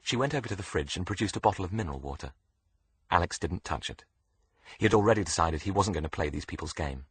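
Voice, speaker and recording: A man reading a thriller audiobook in a steady, measured narration. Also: sits low, husky. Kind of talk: scripted narration.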